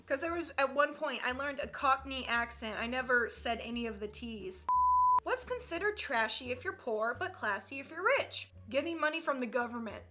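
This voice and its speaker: Sassy high-voiced young woman. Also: pushed and bright. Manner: sassy, quick comebacks, laughs often. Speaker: video creator. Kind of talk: reading and reacting to online jokes.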